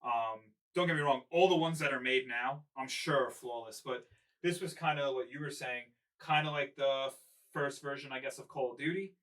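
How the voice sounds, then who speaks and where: Man, bright voice, a bit far from the mic, casual podcast talk, lots of ums. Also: mid-range voice, moderate pace. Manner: relaxed, thinking aloud with many ums and likes. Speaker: podcast co-host.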